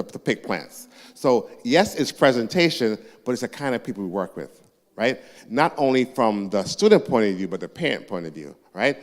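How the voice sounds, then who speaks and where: A man representing a university, answering audience questions live in a church, lively and joking, teasing the crowd. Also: medium pitch. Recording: echoey church hall.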